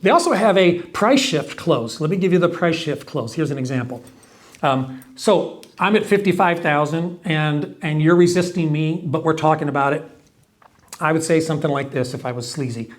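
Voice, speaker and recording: A man with a Texan accent, a window company owner, talking casually to camera and acting out salesmen's pitches in quoted voices. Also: animated, moderate pace.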